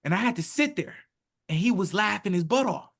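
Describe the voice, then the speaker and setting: A man in his thirties tells his own story as a podcast guest. He talks in an emphatic, animated way. He often slips into other people's words as he tells it. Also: sits high, a little fast, vocal fry. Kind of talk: emotional personal storytelling.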